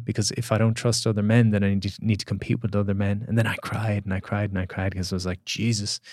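A man, a podcast guest and coach, telling a reflective story in an earnest, halting way with repeated words. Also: lowish voice, darkish tone, no echo, clean studio sound.

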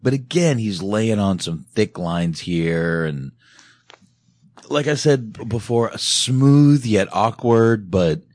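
A man with a very deep voice chats casually as a podcast host, animated and quick to laugh and swear. The sound is dry and close, with no room around it. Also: no echo. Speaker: podcast host reviewing a film. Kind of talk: casual chat.

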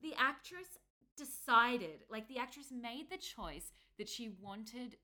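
Woman ranting on a podcast, lots of "like", voice a bit high. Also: expressive, slow pace, bright, forceful tone. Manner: rambling, heavy use of "like", indignant critique. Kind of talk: casual chat.

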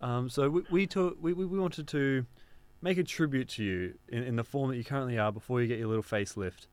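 A man hosting a comedy radio segment in a mock-earnest, soothing tone. His voice is smooth and clear, mid-pitched, recorded dry and close. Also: fast, no echo. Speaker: radio host.

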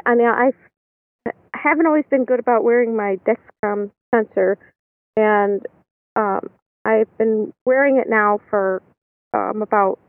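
A woman with a slightly high voice joins a podcast as a guest caller, chatting casually in an interview. She talks hesitantly with many ums, and the phone line sounds tinny and dry with no room sound.

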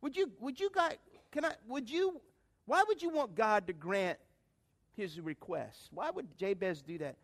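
High-voiced preacher man. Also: lively intonation, a little slow. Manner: preachy call-and-response, swings from loud to hushed. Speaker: pastor. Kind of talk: sermon.

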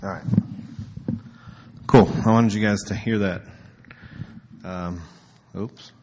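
A man's voice: lowish voice, steady tone, slow pace, a little mellow, a little hiss or hum. A man preaching casually as a pastor, telling a story in a loose, conversational way with filler words.

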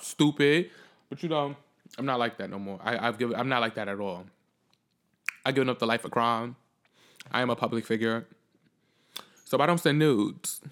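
A man hosting his own podcast alone, talking off the cuff in a blunt, profane, sassy way, swinging between loud outbursts and low muttering. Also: moderate pace, long pauses. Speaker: podcast host. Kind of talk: solo podcast monologue, unscripted.

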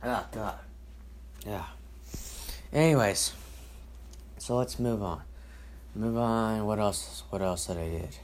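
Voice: mid-range voice, slow, long pauses, a little mellow. Rambling, profane solo podcaster. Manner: rambling, repetitive, profane, restarts sentences often. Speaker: podcast host. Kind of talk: casual solo rant and storytelling.

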